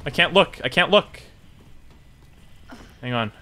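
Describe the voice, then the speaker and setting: A young man giving live gameplay commentary, swinging between low mutters and panicked yelps and shouts. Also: lively intonation, takes it slowly, a little hiss or hum. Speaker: gaming YouTuber.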